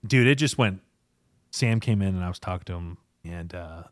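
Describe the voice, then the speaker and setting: With a deep voice at normal speed, the company founder hosting this podcast spins stories in a relaxed conversation. The studio recording is clean with no room sound, and he laughs a lot, voicing quoted people loudly and animatedly.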